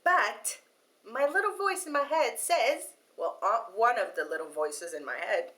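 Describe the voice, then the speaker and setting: Animated woman telling a story. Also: fairly high pitch, measured pace. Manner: animated, laughing, frequent fillers and restarts. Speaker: vlogger. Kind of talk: casual storytelling to camera.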